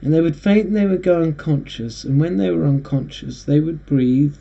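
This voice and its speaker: Rambling man, very dark voice. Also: fairly high pitch, gravelly. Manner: rambling, halting, restarts often. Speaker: host. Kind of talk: casual monologue. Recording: dull lo-fi recording.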